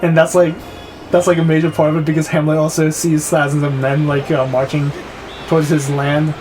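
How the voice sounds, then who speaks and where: A man's voice: a little high, little pitch movement, brisk, a little mellow, faint music behind, rough recording. A young man co-hosting a gaming video, rambling through a profane retelling in casual chat with a sore throat. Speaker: co-host of a gaming channel.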